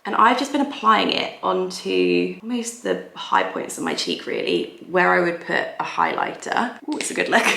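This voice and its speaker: A woman's voice: mid-range voice, gravelly, a bit bright. A woman, chatting casually and giggling as she does her makeup for a get-ready-with-me vlog. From England. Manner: chatty, giggly, self-deprecating. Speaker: beauty vlogger. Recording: echoey room.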